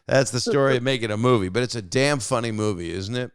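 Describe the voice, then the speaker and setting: A man in his sixties hosts a call-in show, chatting casually with callers in a smooth, mid-range voice at a fast pace. He tells rambling stories and keeps interrupting himself.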